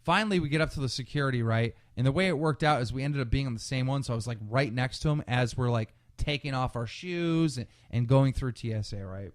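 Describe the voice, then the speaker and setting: A man's voice: medium pitch, fast talker, hardly any pauses. A man co-hosting a podcast, telling a story in a casual, profane way and acting out what people said. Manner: animated, profane, acts out quotes. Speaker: podcast co-host.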